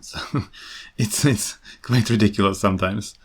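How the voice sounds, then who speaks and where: A man's voice: fairly low pitch, steady tone, measured pace, husky. A Czech man hosting a podcast, talking casually and with amusement about teaching English, laughing often. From Czech Republic. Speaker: podcast host.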